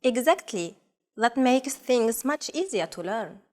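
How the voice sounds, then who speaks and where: A woman co-hosting a language lesson, saying words slowly and carefully for learners to repeat. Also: a little high, expressive, a little mellow. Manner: slow, careful enunciation. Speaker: co-host and native-speaker model. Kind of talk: scripted lesson, modeling pronunciation.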